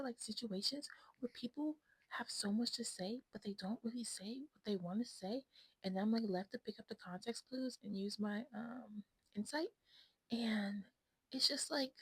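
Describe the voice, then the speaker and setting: Gravelly, breathy woman rambling at home. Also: a little high, no echo, poor audio. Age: 20s. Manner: rambling, self-absorbed, frank, slips into whispers. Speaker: vlogger. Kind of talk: casual chat to camera. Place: at home indoors. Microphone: phone camera.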